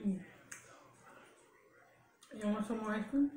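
A woman's voice: medium pitch, slow, mellow, a little hiss or hum. Chatty woman vlogger, echoey room. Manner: chatty storytelling with laughs and chewing sounds. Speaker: mukbang vlogger. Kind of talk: casual chat while eating.

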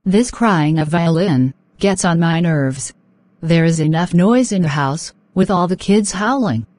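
A woman's voice: lowish voice, expressive, measured pace, a little mellow, no room sound. A woman voicing an irritable middle-aged landlady who speaks bluntly. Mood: irritated.

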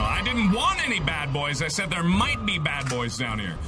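A man's voice: medium pitch, big pitch swings, a little fast, hardly any pauses. A young man hosting a let's-play, giving playful, joking commentary full of exclamations. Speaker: host. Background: loud game music.

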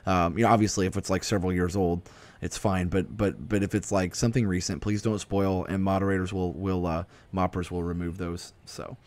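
This livestream host is a young man whose low, steady voice moves briskly. His casual chat wanders as he tells stories, breaking off and restarting, packed with fillers.

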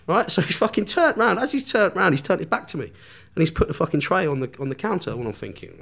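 A man's voice: fairly high pitch, big pitch swings, quick pace, gravelly, hardly any pauses, a bit bright, husky. Sweary man telling a story. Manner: swears constantly, laughs through his story. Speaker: podcast guest. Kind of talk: casual storytelling.

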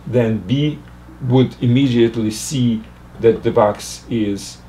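An older man teaching math, working slowly through a logic puzzle aloud with frequent restarts. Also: mid-range voice, warm tone, slight background noise. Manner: halting, restarts and fillers while reasoning aloud. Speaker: math lecturer.

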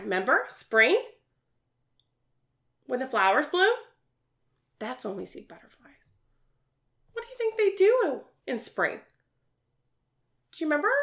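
Woman, preschool teacher, high bright voice, sing-song questions to little kids. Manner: animated sing-song teacher talk full of questions to young children. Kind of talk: virtual preschool science lesson.

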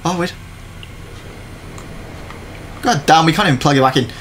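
A man commentating a let's play of a horror game, jumpy and excitable, swearing and yelping at scares. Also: fairly high pitch, moderate pace, slight background noise. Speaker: gaming YouTuber.

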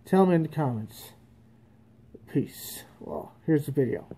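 A man's voice: fairly high pitch, big pitch swings, a little slow, warm tone, husky. A young man vlogging at home, rambling with lots of fillers as he tests a cheap karaoke microphone plugged into his phone. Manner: rambling and self-conscious, with frequent fillers and small laughs. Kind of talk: casual vlog, testing a microphone. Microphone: cheap karaoke microphone plugged into a cell phone.

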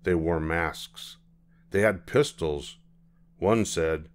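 Slow, deep-voiced older male storyteller. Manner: unhurried, measured storytelling. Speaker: storyteller reading a children's book. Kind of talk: reading a picture book aloud.

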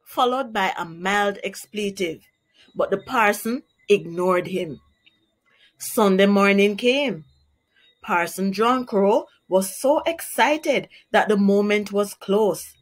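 A woman teacher with a Jamaican accent who reads a children's story aloud and then explains words clearly and carefully. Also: medium pitch, slow pace. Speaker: primary school teacher. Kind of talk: children's read-aloud and vocabulary lesson.

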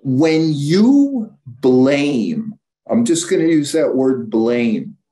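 Mellow and mid-range, this man's voice belongs to a psychologist giving a guest talk. He lectures informally and bluntly, often stumbling and setting himself straight.

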